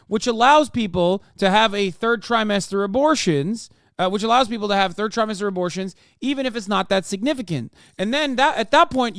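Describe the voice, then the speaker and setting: Smooth, high, and a bit bright, this thirtysomething streamer's voice comes through clean studio audio with no echo. He's reacting to a political interview, cursing and picking fights with his chat in a heated live-stream rant.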